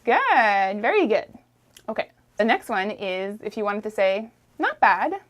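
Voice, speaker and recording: A woman teaching a French lesson, repeating phrases slowly and encouraging the learner to try. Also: medium pitch, sing-song. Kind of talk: friendly language lesson.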